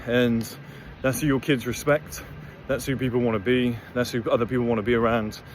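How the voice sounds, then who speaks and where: A man's voice: mid-range voice, flat delivery, brisk, slight background noise. Blunt, swearing man ranting outdoors. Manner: blunt, profane, rambling. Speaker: motivational vlogger. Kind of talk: casual monologue to camera.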